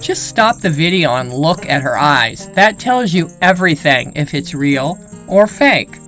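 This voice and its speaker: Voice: medium pitch, big pitch swings, unhurried, fairly bright tone, soft background music, rough recording. A channel host narrating voice-over commentary in an earnest, explanatory manner.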